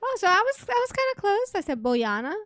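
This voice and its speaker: A woman's voice: very high voice, big pitch swings, fast talker, fairly bright tone, no echo, clean studio sound. A woman co-hosting a casual podcast chat, playful and laughing often as she tries out foreign pronunciations. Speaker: podcast co-host.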